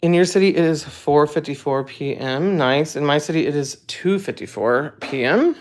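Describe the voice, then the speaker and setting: A woman's voice: sits low, moderate pace, darkish tone. Bubbly young woman hosting a live Q&A. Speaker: livestream host. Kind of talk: casual live Q&A, reading chat comments.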